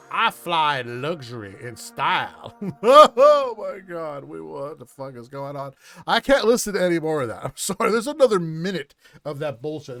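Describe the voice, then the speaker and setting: A man's voice: on the high side, fairly bright tone. A man streaming, giving crude, rambling reaction commentary, mocking what he plays and laughing often.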